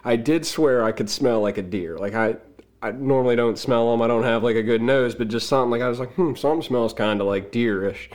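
A man's voice: medium pitch, fast, darkish tone. A man as a podcast guest, casually telling stories in an easygoing, anecdotal way. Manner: easygoing, anecdotal, laughs at his own stories. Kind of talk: casual storytelling.

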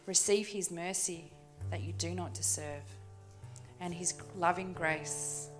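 A woman preaching a sermon in a church, talking conversationally with tag questions and dropping to soft, hushed asides. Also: on the low side, fairly even intonation, takes it slowly, faint music behind. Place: church stage.

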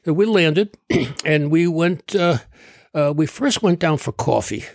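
An older man in a podcast interview, slightly high-pitched for a man, tells a meandering story full of asides and throat-clearing. His voice is recorded dry and close, with no room sound around it. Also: expressive, measured pace, dry recording. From Connecticut. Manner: rambling anecdotal storyteller who clears his throat often. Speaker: guest, doctor.

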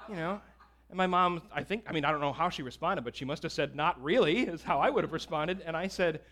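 A man's voice: sits high, animated, quick pace, a bit bright. A man preaching a sermon, telling a personal story in a conversational way with casual fillers. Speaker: pastor.

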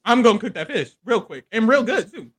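Brisk and slightly rough at a medium pitch, this very animated voice comes from a podcast co-host casually recapping a reality show. Playful and profane, the co-host laughs often, acts out what contestants said, and uses loose, profane slang.

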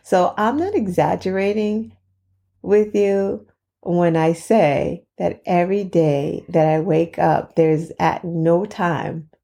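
Mellow-voiced woman hosting a chatty podcast. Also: lowish voice, creaky. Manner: chatty, laughs between phrases, dramatic pauses. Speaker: podcast host. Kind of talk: casual storytelling monologue.

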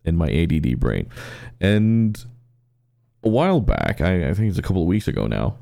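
A man's voice: sits low, big pitch swings, moderate pace, gravelly, warm tone. A man co-hosting a podcast, telling stories in casual chat, rambling and acting out the people in them. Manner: rambling storyteller, acts out quotes, repeats words. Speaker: podcast co-host.

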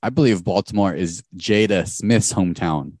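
A man co-hosting a podcast over a video call, telling stories in a fast, animated way. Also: low-pitched, dry recording, clean studio sound. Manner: fast-talking, animated storytelling. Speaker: podcast co-host. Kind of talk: casual podcast chat. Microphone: remote call mic.

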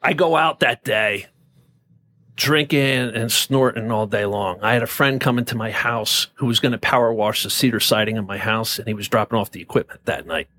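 A man's voice: fairly low pitch, moderate pace, bright, forceful tone. A man from New Jersey telling a personal story as a podcast guest, intense and profane, often stammering and repeating words.

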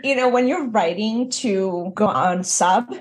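A woman's voice: medium pitch, measured pace. Candid woman author telling her story. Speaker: author guest. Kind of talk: interview conversation.

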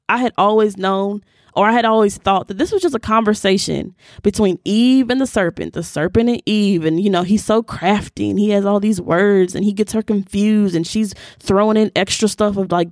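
A woman hosting a podcast, teaching scripture in a casual, animated way and talking straight to her listeners. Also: mid-range voice, normal speed, no echo, studio quality.

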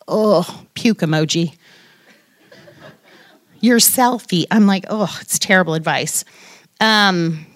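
A woman's voice: on the low side, no room sound, clean studio sound. A woman giving an informal devotional talk to a women's Bible study, chatty and self-deprecating, with playful asides.

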